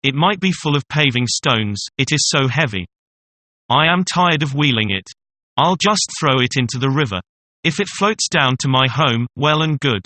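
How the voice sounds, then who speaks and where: A man's voice: medium pitch, animated, normal speed, sharp tone, no room sound. Little Klaus, a sly clever peasant, read by a man.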